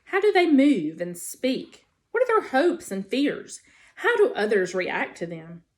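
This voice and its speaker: A woman voicing a dramatic, chatty female possum who loves to perform. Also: measured pace. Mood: chatty, theatrical. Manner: animated, showy, high-pitched.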